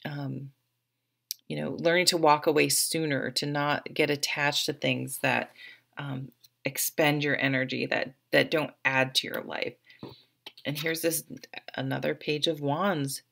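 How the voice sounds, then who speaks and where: Her voice sits low, creaky and a bit bright as she gives an encouraging tarot reading directly to viewers. The tarot reader's delivery is casual and chatty, packed with fillers.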